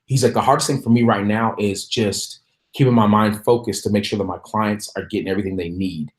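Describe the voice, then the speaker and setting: A man who is a guest on a casual podcast, talking in halting runs with many restarts. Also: lowish voice, steady tone.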